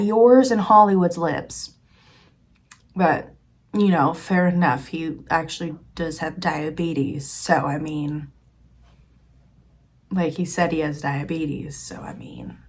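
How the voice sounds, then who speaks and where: A young woman in her early twenties talks through her day in a loose, rambling vlog. Her voice sits low and sounds husky and breathy, and she keeps slipping into a soft, confiding near-whisper. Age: early 20s. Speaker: student vlogger. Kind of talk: casual rambling vlog chat.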